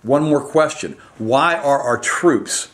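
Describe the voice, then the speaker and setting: A man's voice: medium pitch, takes it slowly. A man delivering a direct-to-camera opinion monologue as a health commentator, emphatic and firing off rhetorical questions.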